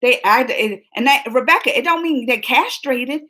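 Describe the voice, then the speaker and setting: Woman host, casual discussion, animated and rambling, fairly high voice. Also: moderate pace. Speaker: reaction show host.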